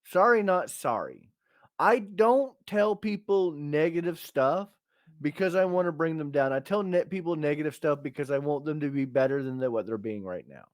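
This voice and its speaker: A man's voice: on the high side, animated, normal speed, dry recording, studio quality. A man co-hosting a podcast, talking in a blunt, emphatic and profane way as he rants about tough love. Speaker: podcast co-host. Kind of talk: casual opinionated podcast chat.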